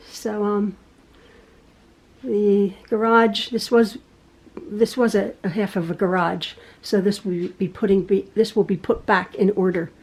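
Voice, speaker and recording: A middle-aged woman who hosts a quilting channel, chatting casually and rambling through her home with soft sighs and laughs. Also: medium pitch, breathy edge. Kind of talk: casual vlog chat. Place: home, indoors.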